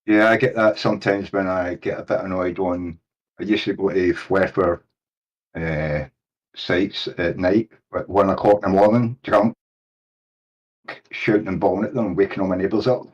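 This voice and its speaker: A man's voice: low voice, steady tone, moderate pace. A man calling into a voice chat, talking in a rambling, reflective way with the odd chuckle, over muffled audio. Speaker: guest caller. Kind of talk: casual voice-chat conversation.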